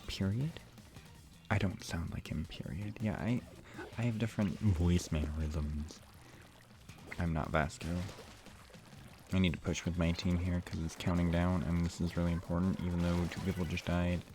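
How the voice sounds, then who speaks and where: A young man streaming a game late at night, talking quietly and half-whispering in a rambling, restarting way so he won't wake his sister. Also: low voice, fairly even intonation, moderate pace. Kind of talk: quiet live stream chat while playing. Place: room at home at night. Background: game music.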